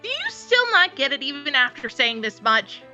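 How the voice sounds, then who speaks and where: A woman voicing a proud, sharp-tongued teenage girl mage, reading a visual novel aloud in a scolding, exasperated way. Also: sits high, big pitch swings, moderate pace, muffled recording, faint music behind, heavily acted.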